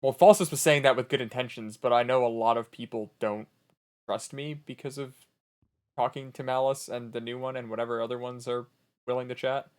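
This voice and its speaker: A man casually retelling a story from a roleplay game, rambling and animated, quoting what others said. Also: mid-range voice, a little fast, clean tone. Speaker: streamer in a roleplay server.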